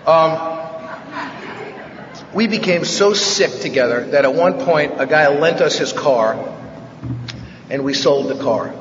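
Man from the Bronx, fairly high voice, wry joking storyteller at a recovery meeting, caught from afar in a big echoing hall on a dull recording. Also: takes it slowly, pauses often, noisy background. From the Bronx, New York. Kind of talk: personal recovery talk, humorous storytelling. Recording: echoey hall, distant mic, dull sound.

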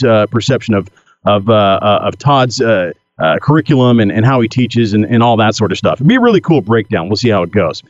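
A man's voice: mid-range voice, no echo, highs cut off. A man co-hosting a podcast in casual chat, upbeat and promotional. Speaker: podcast co-host.

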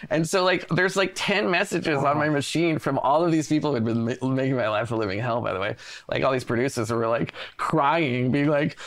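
Gravelly man telling a rambling story. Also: medium pitch, quick pace. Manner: rambling, self-interrupting, animated. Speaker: guest. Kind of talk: casual interview storytelling.

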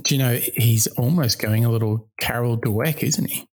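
A man's voice: medium pitch, moderate pace, darkish tone. A man co-hosting a podcast, asking probing questions in a casual way. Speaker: podcast co-host. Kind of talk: casual discussion.

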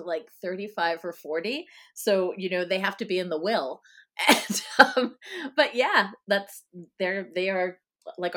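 A woman chats as a guest on an interview podcast. Her voice is lively and varied in pitch. She is self-deprecating and quick to laugh. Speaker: guest author. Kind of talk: casual interview chat.

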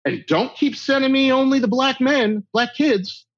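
A man's voice: very high voice, a little slow, dry recording. A middle-aged man talking bluntly and emphatically in an interview, giving tough-love advice. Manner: blunt, emphatic tough-love delivery, acts out quoted exchanges. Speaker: guest speaker. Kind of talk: conversational interview talk. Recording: dull lo-fi dry recording.

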